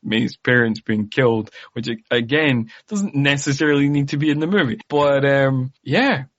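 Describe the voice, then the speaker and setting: A man's voice: medium pitch, normal speed. A man co-hosting a podcast, talking in a casual, rambling way full of fillers and wry asides. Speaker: podcast co-host. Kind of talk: casual chat. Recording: dull lo-fi podcast audio.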